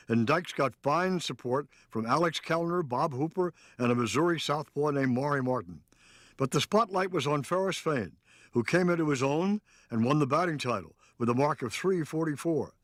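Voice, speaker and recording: A man giving scripted documentary narration in a measured, storytelling way. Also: fairly high pitch, no room sound.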